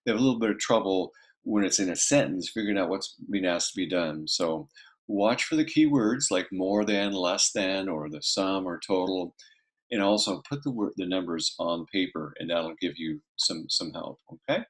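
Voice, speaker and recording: A man's voice: sits low, moderate pace. A man teaching a casual math lesson, talking through each step aloud and checking in with "okay" often.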